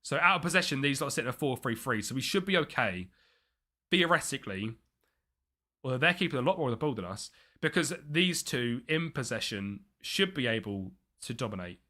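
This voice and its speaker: A young man streaming live, chatting and thinking aloud over a football management game, with excited bursts at chances. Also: mid-range voice, a little fast. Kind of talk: live gameplay commentary.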